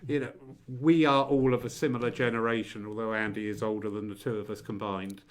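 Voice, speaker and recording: A man's voice: fairly low pitch, flat delivery, a little fast. A man hosting a casual discussion, joking and laughing often. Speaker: host.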